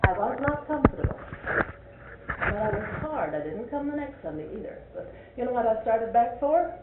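In a church classroom, an older woman leads a Sunday school Bible class, folksy and questioning, often repeating points to stress them. Her voice is fairly high and animated at a moderate pace, recorded far from the mic. The lo-fi audio is echoey and tinny, with a faint hiss.

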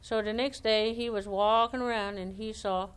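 A woman's voice: medium pitch, fairly even intonation, normal speed, smooth. A woman telling animal folktales aloud in a homespun, conversational way, acting out the characters' lines. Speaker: storyteller.

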